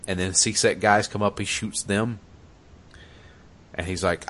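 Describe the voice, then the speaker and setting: A man with a very low voice tells a video game story in casual conversation. He is animated and laughs often. He swears freely as he talks. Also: unhurried, long pauses. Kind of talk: casual gaming chat.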